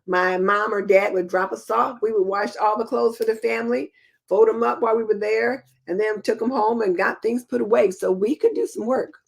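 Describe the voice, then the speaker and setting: A woman's voice: fairly high pitch, steady tone, moderate pace, gravelly. Chatty middle-aged woman hosting a home show. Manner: chatty, homey, practical. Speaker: host. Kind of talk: casual live-stream chat reading viewer comments.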